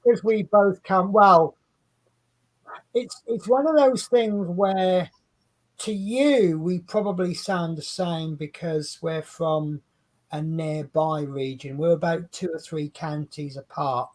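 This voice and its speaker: A man's voice: a little high, slow pace. A man with an English accent co-hosting a casual livestream chat, rambling and chatty and often breaking off mid-sentence. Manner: rambling, chatty, self-interrupting. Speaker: co-host.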